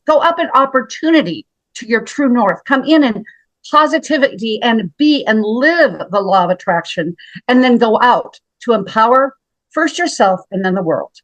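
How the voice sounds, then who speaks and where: Her voice a little high, this Montana health practitioner in her seventies recounts her story for an interviewer with drama and emphasis, frequently addressing the host by name. There's no echo, but the recording is rough.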